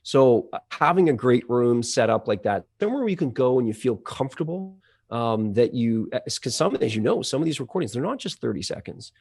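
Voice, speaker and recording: Guesting in a conversational interview, a man who's CEO of a voice-over marketplace and a trained audio engineer explains things at length with plenty of fillers and restarts. His medium-pitched voice is husky and a little mellow, swinging widely in pitch at a slightly fast pace.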